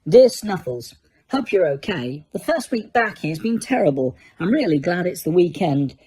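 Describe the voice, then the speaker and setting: An earnest, guarded teenage boy wizard from a storybook, read by a woman. His voice sits low, with a husky, breathy grain. He speaks plainly, with lively rises and falls. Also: moderate pace. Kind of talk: audiobook character reading.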